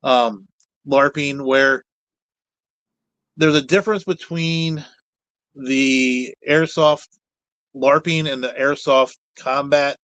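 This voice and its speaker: A man's voice: mid-range voice, steady tone, takes it slowly, long pauses, fairly bright tone, no echo, rough recording. Rambling, candid man in casual conversation. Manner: rambling, candid, peppered with mild cussing. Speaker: guest, puppet builder. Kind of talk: casual chat.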